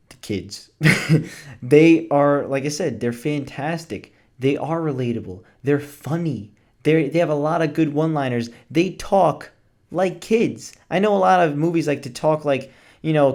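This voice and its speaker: A young man reviewing a movie in a casual chat, gushing with excitement, swearing freely and laughing often. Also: on the high side.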